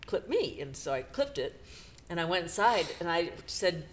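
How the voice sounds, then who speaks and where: A middle-aged woman co-hosting a podcast, retelling a painful personal story in a halting, emotional way with nervous laughs. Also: on the low side, lively intonation, slight background noise. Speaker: podcast co-host.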